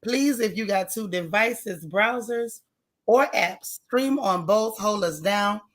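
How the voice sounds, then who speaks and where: A woman's voice: medium pitch, takes it slowly. Folksy woman with a strained voice. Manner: folksy, chatty, greets viewers one by one. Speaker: livestream host. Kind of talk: casual live-stream chat.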